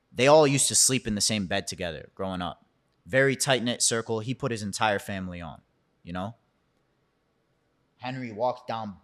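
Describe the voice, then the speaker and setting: A young man, a founder and podcast guest, telling a story in casual conversation, swearing freely and acting out what others said. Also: fairly low pitch. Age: young adult. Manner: animated storyteller who curses freely and acts out quotes.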